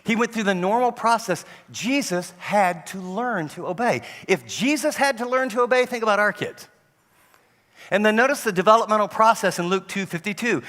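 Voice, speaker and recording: A man preaching a sermon on parenting, telling stories and acting out parents and children in an animated way. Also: sits high, brisk. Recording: long hall reverb.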